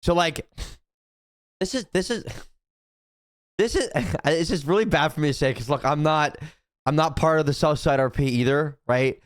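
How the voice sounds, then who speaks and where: Young man, streamer, casual profane rant, stumbles and repeats himself, a bit high-pitched, dry mic. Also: normal speed, pauses often, no room sound. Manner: rambling, profane, many restarts and repeated "right?". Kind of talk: casual opinion chat to stream chat.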